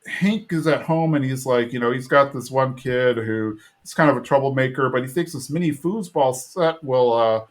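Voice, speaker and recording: A man's voice: mid-range voice, moderate pace, few pauses. A male podcast host casually retelling an episode, talking loosely with lots of fillers. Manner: chatty retelling full of fillers.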